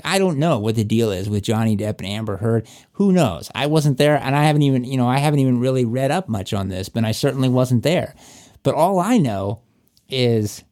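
A man's voice: mid-range voice, darkish tone. A man talking in a casual, opinionated chat, emphatic and cursing often as he acts out quoted voices.

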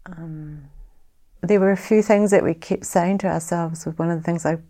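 A middle-aged woman with a New Zealand accent, a guest telling a personal story in an interview in a halting, reflective, soft-spoken way. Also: on the low side, fairly even intonation.

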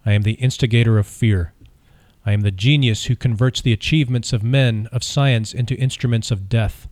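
A man's voice: mid-range voice, steady tone, brisk, darkish tone, dry recording, close to an everyday voice. A man voicing the Devil, a sinister male spirit who boasts in long declarative lists. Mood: boastful. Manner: declarative, self-proclaiming lists.

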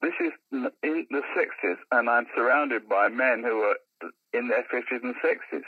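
Older man, lively husky storyteller, podcast guest, lo-fi dry sound. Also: medium pitch, normal speed, no room sound. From London. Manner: animated raconteur. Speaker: podcast guest, musician and comedian. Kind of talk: anecdotal storytelling in casual chat.

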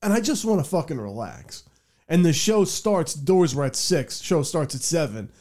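A man's voice: a little high, sing-song, normal speed, darkish tone. A young man, hosting a podcast and rambling through a profane story with laughs. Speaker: podcast host. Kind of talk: casual storytelling chat.

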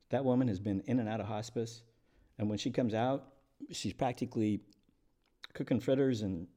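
Candid middle-aged man, lively pitch. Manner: reflective, halting, with restarts and wry laughs. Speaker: podcast host and attorney. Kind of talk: candid unscripted monologue.

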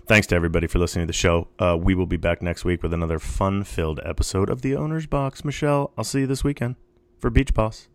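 A man with a very low, deep voice co-hosts a podcast in a relaxed, rambling style. His delivery is easygoing and full of fillers. The sound is dry and close. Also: fast talker, no echo. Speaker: podcast co-host. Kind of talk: casual chat.

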